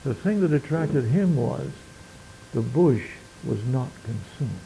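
A man preaching a sermon, reading scripture slowly and swinging between loud emphatic passages and quiet murmured asides. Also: medium pitch, lively intonation, creaky, a little hiss or hum, poor audio. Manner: slows down to stress scripture quotes.

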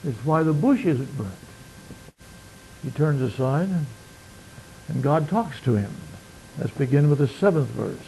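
A man preaching a sermon, reading scripture slowly and swinging between loud emphatic passages and quiet murmured asides. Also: on the high side, creaky, a little hiss or hum, rough recording. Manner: slows down to stress scripture quotes.

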